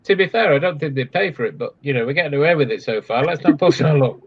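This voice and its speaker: A man's voice: on the high side, animated, fast talker, husky. A man co-hosting a late-night live chat, dry and sarcastic, swearing casually. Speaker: co-host. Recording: slightly dull lo-fi sound.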